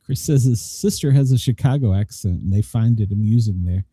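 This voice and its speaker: A man hosting a casual interview, husky and lively, laughing along. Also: on the low side, brisk, dry recording. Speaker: host.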